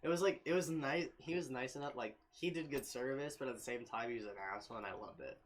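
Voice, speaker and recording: A man's voice: mid-range voice, quick pace. A man co-hosting a reaction video, telling stories in casual chat and saying "like" constantly. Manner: rambling, heavy on "like".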